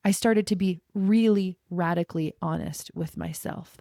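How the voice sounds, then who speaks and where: A middle-aged woman hosts her own podcast, thinking aloud in a relaxed, conversational way. Her voice sits low with a gravelly edge. The recording is dry, with no room sound. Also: normal speed, few pauses, dry recording. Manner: casual, reflective, conversational with frequent "like". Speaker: podcast host and coach. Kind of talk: solo podcast talk.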